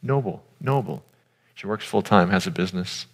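A man's voice: sits low, lively intonation, normal speed. A man giving an earnest, informal sermon, speaking directly to his audience. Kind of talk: conversational sermon. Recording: long hall reverb.

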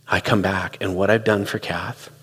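A middle-aged man talks reflectively to listeners, slipping into quoted dialogue as he tells stories. His voice sits fairly low and has a husky grain. The sound carries a long hall reverb. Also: flat delivery, moderate pace, fairly bright tone. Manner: conversational, storytelling with quoted dialogue. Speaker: speaker on relationships. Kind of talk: reflective talk.

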